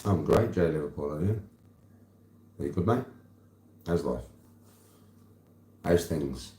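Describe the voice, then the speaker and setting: A man's voice: rumbling low, animated, takes it slowly, mellow, roomy sound. A young man with a Birmingham accent, casually chatting with his livestream viewers and answering them by name in a laid-back, slangy way. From Birmingham, England. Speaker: livestreamer reading chat.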